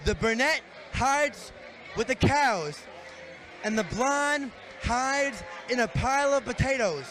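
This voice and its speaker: A man's voice: very high-pitched, lively intonation, takes it slowly. A man telling a joke to the camera outdoors and acting out the voices and animal noises with gusto. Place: outdoors in a city street. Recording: crowd noise in the street.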